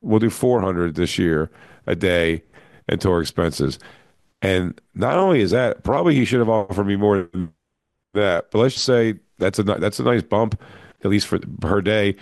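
A man's voice: fairly low pitch, animated, moderate pace, no room sound, studio quality. A middle-aged man, a comedian, telling a long casual anecdote with crude language and acted-out quotes. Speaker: comedian and podcast co-host. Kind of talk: casual storytelling chat.

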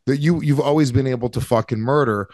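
A man talks fast and excitably, ribbing a friend with crude, casual language. His voice sits in the middle range, and the recording is dry and close. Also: medium pitch, no room sound. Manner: excitable, profane, laughing teasing. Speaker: comedy podcast co-host. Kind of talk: casual chat.

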